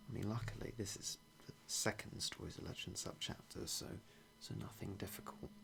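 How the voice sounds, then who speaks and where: A young British man streaming a game, talking in a hushed, half-whispered way with dry self-mocking humour. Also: on the low side, fairly quick, gravelly, few pauses, noisy background. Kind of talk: quiet live-stream game commentary.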